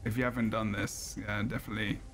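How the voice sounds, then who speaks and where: A man's voice: lowish voice, level tone, quick pace, very noisy. A man hosting a gaming podcast, easygoing and chatty, laughing often as he talks. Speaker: podcast host. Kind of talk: casual gaming chat. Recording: loud game music behind.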